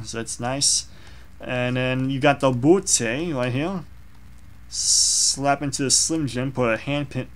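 A man's voice: mid-range voice, fairly bright tone, clean tone. Young man, casual drawing vlogger, rambling and self-deprecating. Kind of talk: casual commentary over a drawing.

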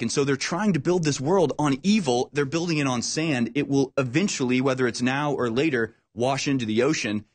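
A man hosting a talk show, speaking in an animated, emphatic way and repeating words when worked up. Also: mid-range voice. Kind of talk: casual political talk.

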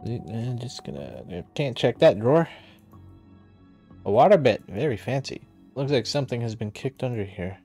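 A man's voice: medium pitch, very animated, normal speed, vocal fry, mellow, faint music behind. A man playing through a detective game, reading its text and cracking sarcastic jokes as he goes. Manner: sarcastic and jokey, laughing often. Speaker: gaming streamer. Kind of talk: playful game commentary.

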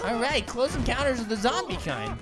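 A squeaky, high-pitched talking orange rattles off hyper, silly commentary as he plays a game. He stutters and repeats words in bursts when he gets excited. Bright game music plays loudly underneath him the whole time. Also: brisk, exaggerated voice. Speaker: gaming channel host.

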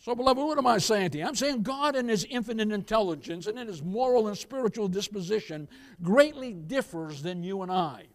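A male pastor preaches a sermon in church with a high, animated voice at a brisk pace. He emphatically calls out to the congregation, swinging between loud emphasis and quiet asides.

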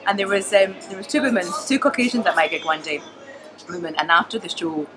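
A woman's voice: lowish voice, fast talker, rough recording. A middle-aged woman with a Glaswegian accent, chatting casually as a comedian guest and acting out the people in her stories. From Scotland. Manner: animated storyteller, acts out quoted voices. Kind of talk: casual chat.

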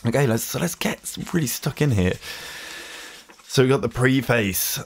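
British guy reading a book for a comedy podcast, kinda low, sarcastic and rambly. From Britain. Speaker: podcast host.

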